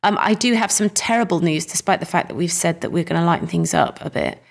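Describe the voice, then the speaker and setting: A woman co-hosting a podcast in casual chat, animated and quick to laugh. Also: fairly low pitch, gravelly. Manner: chatty, laughs easily, animated. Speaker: podcast co-host.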